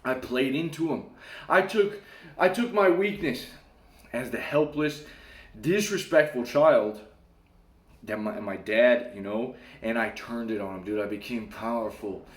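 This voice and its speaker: Animated young man telling a story. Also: mid-range voice, measured pace. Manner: animated, acts out voices and laughs, swears casually. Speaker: self-help talker. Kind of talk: casual storytelling monologue. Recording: echoey room.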